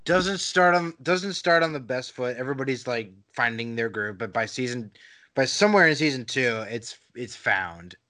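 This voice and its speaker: A man chatting casually as a podcast co-host, relaxed and easygoing. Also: medium pitch, moderate pace. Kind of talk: casual chat.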